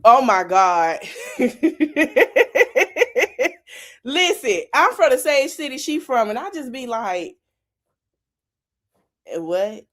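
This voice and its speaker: Lively woman podcaster. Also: high voice, moderate pace, few pauses. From South Florida. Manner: animated, laughing, slangy and teasing. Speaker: podcast host. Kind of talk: casual commentary.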